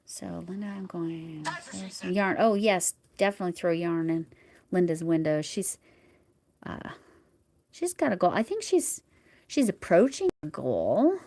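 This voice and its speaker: Gravelly-voiced woman chatting while crocheting. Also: on the low side, very animated, a little slow, no room sound. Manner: chatty, murmurs soft whispered asides to herself. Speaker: crochet livestream host. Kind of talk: casual live chat while crocheting.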